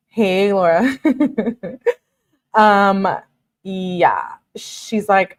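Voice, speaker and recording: A woman commentating casually to viewers while reading out text messages, chatty and expressive. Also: mid-range voice, extremely slow, long pauses. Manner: chatty, expressive, frequent "like" and laughs, addresses viewers as lovies. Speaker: true-crime commentator reading texts aloud.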